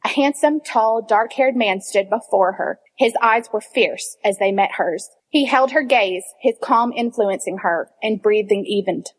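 A woman reading fan fiction aloud, expressive, at times breaking into laughter and asides. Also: mid-range voice, measured pace, hardly any pauses. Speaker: reader.

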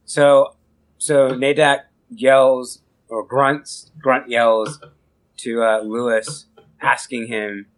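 A man's voice: mid-range voice, level tone, low-quality recording. A man playing a tabletop role-playing game, talking casually and often restarting his sentences. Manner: halting, restarts while explaining. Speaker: player.

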